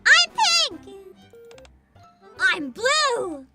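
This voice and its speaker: A woman voicing a group of excited little children who shout and play. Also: very slow, recorded from a distance, over loud music, full character voice. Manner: shrill, loud and playful.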